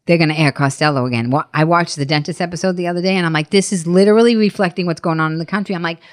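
A woman guest on a chat show, talking in a rapid, animated way, acting out quotes in her stories. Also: on the low side. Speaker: comedian guest. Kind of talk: casual chat.

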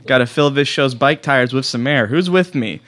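A man's voice: mid-range voice, a bit bright. A young man hosting a comedy podcast, delivering a dry, self-mocking monologue and chatting casually with his guests. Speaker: podcast host.

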